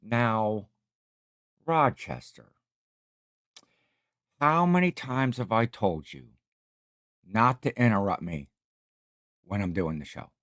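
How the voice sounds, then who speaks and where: A man's voice: lowish voice, lively intonation, slow pace, long pauses, a bit bright, dry recording, studio quality. A man doing a mock-stern impression of a fussy old-time male radio comedian.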